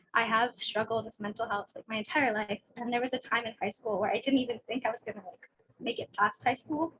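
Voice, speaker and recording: Nervous young woman talking fast. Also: a little high, fairly bright tone, husky, poor audio. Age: young adult. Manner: rushed, nervous, candid. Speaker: student panelist. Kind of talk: casual panel talk. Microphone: video call.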